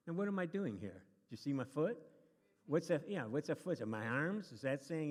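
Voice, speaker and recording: A man's voice: fairly high pitch, big pitch swings, normal speed, darkish tone. A man teaching a church class to a live group, chatty and joking, with many restarts. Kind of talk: casual lesson to a live group. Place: church meeting room. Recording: long reverb of a hall.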